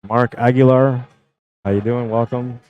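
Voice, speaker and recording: A man's voice: mid-range voice, steady tone, measured pace, highs cut off. A young man casually commenting on a pool match on his live stream, chatting with viewers and greeting them by name. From Canada.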